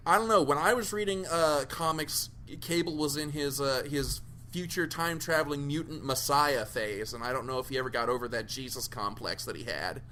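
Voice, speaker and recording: A man with a fairly high, bright and forceful voice hosts a relaxed panel chat. He reads out listener questions with a loose, upbeat delivery, full of small fillers and restarts. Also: a little fast, a little hiss or hum. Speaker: podcast host.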